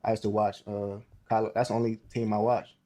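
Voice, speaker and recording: Low mellow male football player. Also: flat delivery, fairly quick, muffled recording. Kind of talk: casual interview chat.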